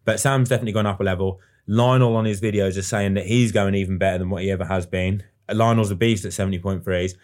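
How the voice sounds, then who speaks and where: An English man co-hosting a podcast, chatting casually and quickly, with banter and the odd swear word. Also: fairly low pitch, darkish tone. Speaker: podcast co-host. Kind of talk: casual chat.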